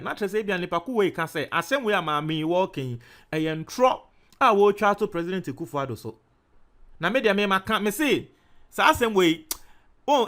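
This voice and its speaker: A young man with a Ghanaian accent talks through the news in lively commentary. His voice sits high and swings widely in pitch. He keeps explaining his points and coming back to them to make them clear. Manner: animated, explaining and repeating points. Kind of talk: commentary mixing Twi and English.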